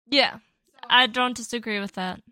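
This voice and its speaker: Giggly young woman, bright and dry. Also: a little high, no echo. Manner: giggly, quick reactions. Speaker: podcast co-host. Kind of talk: casual chat.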